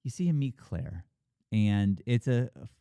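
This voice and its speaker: A man talks through a movie plot in loose, casual chat, swinging his voice high whenever he mimics a character. He swears often and leans on fillers like "like" and "you know." The sound is close and dry with no room echo. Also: normal speed, clear, resonant tone. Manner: animated retelling, acting out characters' lines with big pitch jumps. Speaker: podcast co-host reviewing a film.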